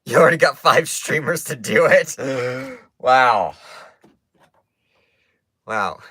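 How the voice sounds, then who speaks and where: A man's voice: medium pitch, animated, takes it slowly, sharp tone, husky, no room sound, studio quality. A man from Kansas chatting casually with his live stream viewers, playful and teasing, with lots of fillers. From Kansas, United States. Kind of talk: casual chat answering a live chat. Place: indoor room with stuffed animals.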